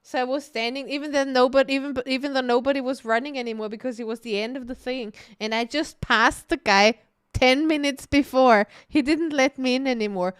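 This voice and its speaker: A woman's voice: sits high, steady tone, a little fast, clean tone, no echo, clean studio sound. A woman co-hosting a podcast in casual chat, laughing often and swearing casually. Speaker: podcast co-host. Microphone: streaming mic.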